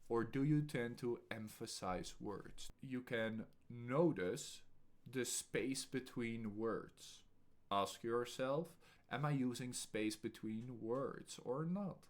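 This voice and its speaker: A man teaching as an English speaking coach, talking calmly and deliberately with a pause every few words. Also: medium pitch.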